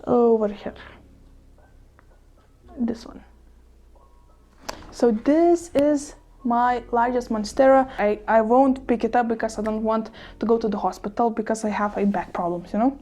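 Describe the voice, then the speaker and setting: A woman's voice: a little high, expressive, a little slow, pauses often, darkish tone. A woman vlogging casually at home, gushing and giggling as she shows off her plants, speaking English as a second language with small slips. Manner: bubbly and gushing, giggles often, apologetic asides. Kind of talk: casual show-and-tell vlog.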